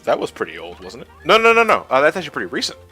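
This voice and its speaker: Bright-voiced man playing on a charity stream. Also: on the high side, wildly swooping pitch, rapid-fire, husky, faint music behind. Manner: laughs often, swears casually. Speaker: livestream co-host playing the game. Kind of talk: casual gaming livestream chat.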